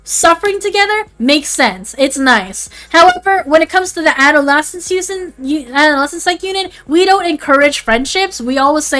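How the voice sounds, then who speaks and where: A young woman with a high voice chats on a livestream, rambling and animated. She leans on filler words, swears freely and keeps the talk loose and unscripted. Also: moderate pace, hardly any pauses. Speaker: VTuber streamer. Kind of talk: casual livestream chat.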